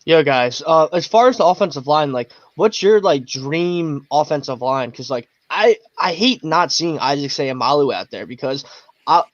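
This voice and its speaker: A man's voice: fairly high pitch, animated, normal speed, dry recording, highs cut off. A man co-hosting a casual sports chat, talking with frustration about his team. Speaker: podcast co-host.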